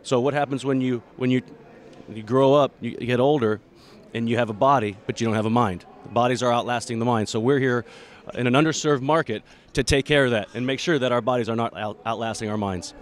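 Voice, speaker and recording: Male founder, mid-pitched, earnest and halting, pitching a product. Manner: earnest, halting, with many restarts. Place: busy expo floor.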